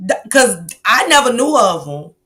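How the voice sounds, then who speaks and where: A woman's voice: on the high side, big pitch swings, moderate pace, fairly bright tone. Casual woman host, rambling and affirming. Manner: frequent affirming murmurs, rambling with fillers. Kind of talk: casual chat.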